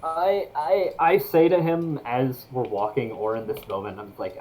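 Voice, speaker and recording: A man's voice: medium pitch, fairly even intonation, measured pace, few pauses, a little mellow, low-quality recording. A man playing a tabletop game, hesitant and stammering. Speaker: player.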